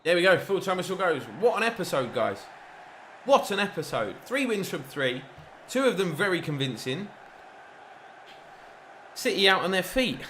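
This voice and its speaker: A man giving chatty, excitable play-by-play commentary over a football video game. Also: high-pitched, moderate pace, slight background noise. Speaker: gaming YouTuber.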